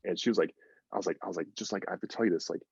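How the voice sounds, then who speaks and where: Low husky man telling a story. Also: steady tone, rapid-fire, no echo, muffled recording. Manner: rambling, filler-heavy, acts out quoted lines. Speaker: podcast guest. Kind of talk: casual storytelling.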